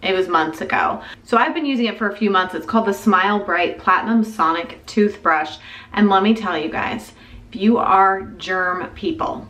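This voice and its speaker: A woman's voice: medium pitch, moderate pace, a bit bright. A woman in her thirties chatting casually to camera from her front porch, laughing now and then as she talks. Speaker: vlogger, mother. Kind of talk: casual vlog chat.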